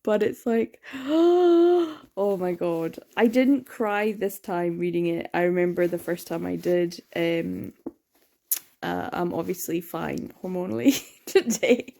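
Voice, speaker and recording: A woman's voice: on the low side, unhurried, gravelly. Sleepy, gushing woman book vlogger. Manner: gushing and excitable, frequent laughs and gasps. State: sleepy, words slurring. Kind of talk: casual reading vlog.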